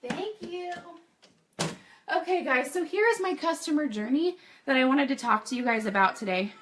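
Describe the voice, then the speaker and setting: Chatty upbeat woman in her 30s, high bouncy voice, coaching live from home. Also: animated, fairly quick, fairly bright tone, a little hiss or hum. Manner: chatty, upbeat, talks straight to viewers. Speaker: online business coach. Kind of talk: live online training. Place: home office.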